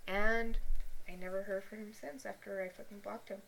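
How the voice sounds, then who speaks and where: Animated young woman telling a story, swearing. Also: medium pitch, normal speed, gravelly. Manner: swears a lot, animated, acts out quotes. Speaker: podcast co-host. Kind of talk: casual chat, storytelling.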